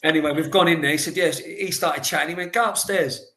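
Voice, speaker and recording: A man on a podcast as a guest, telling animated, rambling anecdotes in casual chat with lots of "like". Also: a little high, fast, echoey room, background noise. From England.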